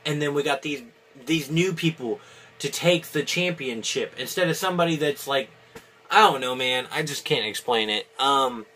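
A man's voice: a little high, bright, forceful tone. A man giving a casual, opinionated video review, rambling with many restarts and fillers. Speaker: wrestling reviewer.

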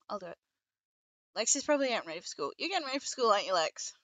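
A woman's voice: fairly high pitch, very animated, racing, a bit bright, no echo, lo-fi sound. A young woman live-streaming a horror game, chatting to her viewers, swearing freely and shrieking at scares. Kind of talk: casual live-stream commentary.

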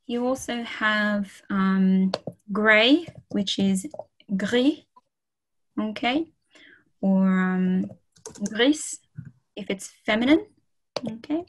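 Slow-paced woman tutoring over a video call. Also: fairly high pitch, a little hiss or hum, rough recording. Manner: slow, friendly, many ums and okays. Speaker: French tutor. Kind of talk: casual online language lesson.

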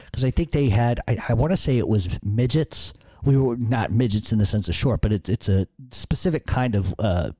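A man's voice: fairly low pitch, mellow, no echo. A man hosting a podcast, telling a rambling, profanity-laced story. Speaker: podcast host. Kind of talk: casual storytelling.

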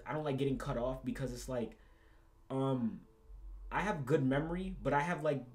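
A man's voice: medium pitch, darkish tone. A young man hosting a reaction video, ranting casually and profanely, repeating himself and calling the listener bro.

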